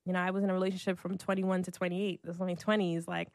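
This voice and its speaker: A woman's voice: lowish voice, level tone, fast, no echo. Chatty woman in her thirties, dry sound. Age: 30s. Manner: chatty, leans heavily on "like", laughs often. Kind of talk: casual heartfelt conversation.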